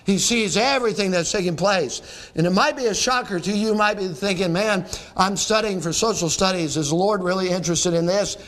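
A man's voice: sits high, brisk, a bit bright. A man preaching a sermon to students in a hall, emphatic, repeating phrases and asking the crowd questions. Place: church or school hall before a live audience.

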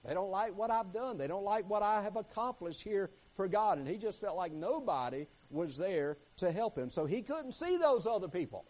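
A man preaching a sermon who reads scripture aloud and swings between hushed, quiet passages and emphatic, rising ones. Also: sits high, lively intonation, normal speed, few pauses, low-quality recording.

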